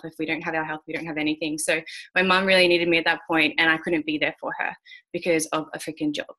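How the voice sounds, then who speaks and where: A woman with a fairly low, sharp voice joins a call as a guest speaker mentoring traders. Her motivational talk is candid, frank and blunt, with occasional swearing and plenty of fillers.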